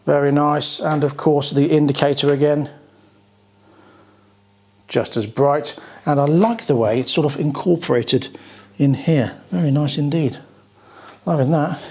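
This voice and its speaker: British male scooter reviewer, chatty and plain-spoken, slightly high voice. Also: a little mellow. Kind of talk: casual product walkaround review.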